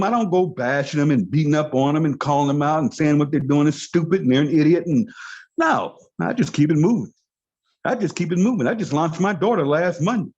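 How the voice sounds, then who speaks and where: A man giving an emphatic, motivational training talk on a video call, repeating his key phrases to drive them home. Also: fairly high pitch. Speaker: network marketing trainer. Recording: dull lo-fi call audio.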